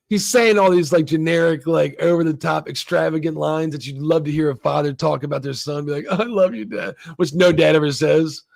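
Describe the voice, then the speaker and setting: A man's voice: a little high, creaky, dry recording. A man hosting a casual, rambling and profane review of a TV episode. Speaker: show reviewer, channel host.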